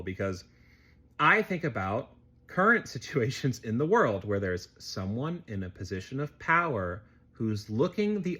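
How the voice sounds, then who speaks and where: A man vlogger telling a personal story as political commentary, in an expressive, animated way. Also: medium pitch, slightly rough.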